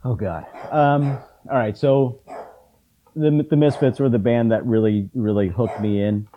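A middle-aged man chatting casually about concerts, often halting and restarting his sentences with ums. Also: medium pitch, muffled recording, a little hiss or hum. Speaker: punk fan in conversation. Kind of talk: casual chat.

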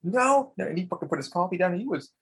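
Casting: young man, husky and gravelly, a bit high, casual gaming podcast co-host, animated. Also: rapid-fire, poor audio. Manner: animated, swears a lot, acts out quotes. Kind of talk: casual chat about video games.

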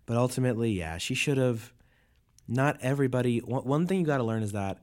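A young man co-hosting a casual podcast, giving his take in a relaxed, rambling way. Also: mid-range voice, brisk. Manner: relaxed, rambling, lots of fillers. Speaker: podcast co-host. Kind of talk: casual chat.

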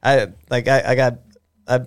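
A man in a casual podcast chat, retelling things in a rambling, stop-start way, tripping over his words and starting again. His pitch sits in the middle, neither high nor low. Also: fairly even intonation, normal speed, smooth. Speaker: podcast host.

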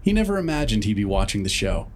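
A man reading a story aloud in a deadpan narrating manner. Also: lowish voice, fast talker, a little hiss or hum.

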